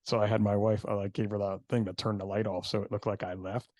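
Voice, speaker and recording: A man's voice: fairly low pitch, little pitch movement, fast, warm tone, dry recording, studio quality. A middle-aged man hosting a podcast, chatting casually and laughing at his own stories. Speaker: podcast host. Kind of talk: casual conversation.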